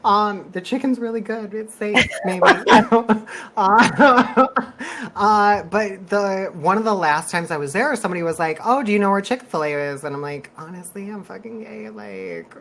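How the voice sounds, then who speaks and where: A man co-hosting a podcast in casual chat, animated, laughing often and swearing freely. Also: high-pitched, measured pace. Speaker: podcast co-host.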